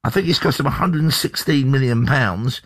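A man's voice: mid-range voice, brisk, fairly bright tone, no echo. A man hosting sports radio, chatting about football with teasing, wry banter. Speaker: radio host. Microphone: studio microphone.

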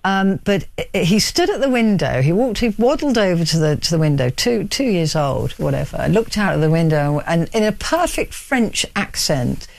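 A woman's voice: lowish voice, big pitch swings, moderate pace, gravelly, hardly any pauses, darkish tone. A woman hosting a radio phone-in, telling an anecdote in a chatty way. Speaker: radio host.

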